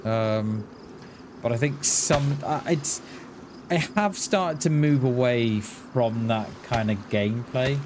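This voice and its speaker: Chatty gaming streamer, noisy mix. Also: male voice, medium pitch, slow pace. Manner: rambling, repeats and restarts words, chatty. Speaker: live game streamer. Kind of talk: casual chat while gaming.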